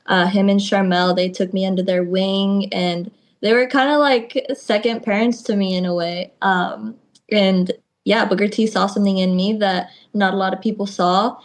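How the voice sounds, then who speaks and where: A woman's voice: medium pitch, normal speed. Young woman telling stories animatedly. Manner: lively storytelling, acts out quotes. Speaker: guest wrestler. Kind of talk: casual interview.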